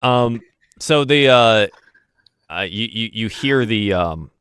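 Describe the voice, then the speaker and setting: A man's voice: fairly low pitch, expressive, takes it slowly, fairly bright tone, smooth, no room sound, studio quality. A man narrating as game master, rambling with many fillers and restarts.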